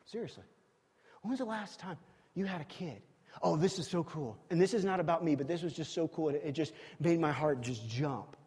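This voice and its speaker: A man preaching a sermon in a church, emphatic, swinging from loud exclamations to quiet, confiding asides. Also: a little high, brisk, breathy edge. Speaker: pastor. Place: church sanctuary. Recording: long reverb of a large hall.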